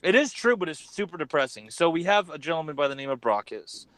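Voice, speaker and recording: A man's voice: on the high side, big pitch swings, fast talker, a bit bright, dry recording. A man hosting a casual stream chat, joking and rambling as he introduces his guests. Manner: joking, rambling, swears freely. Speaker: host.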